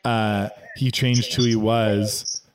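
A man cohosting a casual chat, telling stories in a relaxed way and laughing often. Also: fairly low pitch, slow pace, a crowd in the background. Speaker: podcast co-host.

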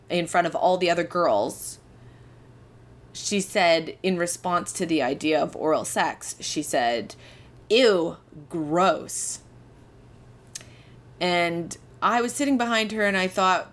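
A woman's voice: fairly low pitch, a bit bright. A young woman, hosting a podcast and telling a candid, self-deprecating personal story. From Canada. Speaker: podcast host.

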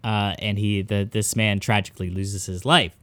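A man's voice: lowish voice, flat delivery, moderate pace, sharp tone, dry recording. A man hosting a comedic history podcast, telling the story in a rambling way with many fillers. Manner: rambling, filler-heavy storytelling, says "exactly" and "correct" a lot. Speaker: podcast host.

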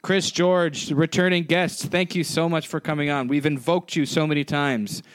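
Man, podcast host, casual rambling chat, smooth clear voice, dry close mic. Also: on the high side, steady tone, moderate pace, no echo. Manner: apologetic, rambling, many fillers and restarts.

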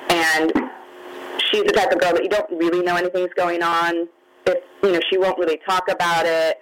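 A woman's voice: lowish voice, level tone, normal speed, a loud crowd, poor audio. A middle-aged woman, a magazine founder, speaking openly and emotionally about her family's struggles in an interview. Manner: open, candid, near tears at times. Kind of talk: emotional personal storytelling.

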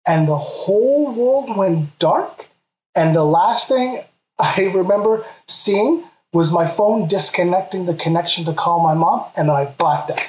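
Lively man telling a funny story. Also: high voice, a little slow. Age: 30s. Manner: lively, laughs through his own story. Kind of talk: comedic personal storytelling. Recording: roomy echo.

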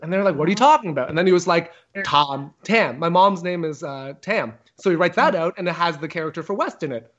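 A man with a high voice tells a long story in casual podcast talk. He swears freely and jumps up in pitch to act out the people he quotes. The recording sounds dull and lo-fi. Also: fast talker. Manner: animated, profane, acts out quotes with big pitch jumps.

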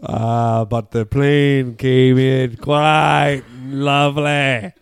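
A man's voice: mid-range voice, little pitch movement. A man voicing Patty, a cheerful, chatty Irish traveler, in a put-on Irish accent during an improvised comedy bit. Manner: rambling, giggly, drawn-out delivery.

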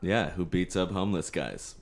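A man with a low voice trading improvised jokes as a podcast co-host. He riffs playfully, often breaking into laughter. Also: lively intonation, normal speed, vocal fry. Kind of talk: improvised comedy banter.

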